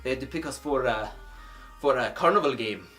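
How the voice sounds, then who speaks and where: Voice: medium pitch, lively intonation, fairly quick, a bit bright, faint music behind, lightly acted. A vlogger doing a cocky British lad. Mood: scoffing. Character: cocky young British male reality contestant.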